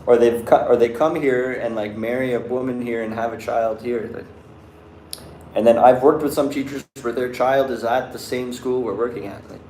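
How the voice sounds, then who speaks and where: A man's voice: medium pitch, fairly even intonation, moderate pace, dark tone, echoey room, slight background noise. A young man casually chatting and answering viewer questions, rambling with lots of "like" and restarts. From Canada. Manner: rambling, loose, many likes and restarts. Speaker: vlogger answering live chat. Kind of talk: casual chat.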